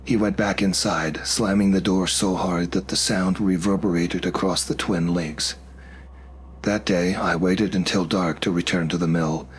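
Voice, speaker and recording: A man narrating a first-person horror story in a steady, measured way. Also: deep voice, slight background noise. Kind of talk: scripted narration.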